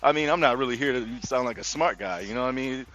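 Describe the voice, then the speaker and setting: A man's voice: mid-range voice, quick pace, fairly bright tone, muffled recording, slight background noise. A man on a livestream panel who clowns and teases the others. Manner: clowning, teasing. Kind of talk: joking panel banter.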